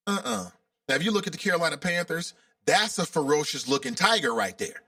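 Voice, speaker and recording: A man's voice: fairly high pitch, sing-song, brisk, sharp tone, dry recording, studio quality, distant mic. A man from Cincinnati hosting a casual call-in radio talk show, chatty and openly emotional. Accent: Cincinnati, Ohio.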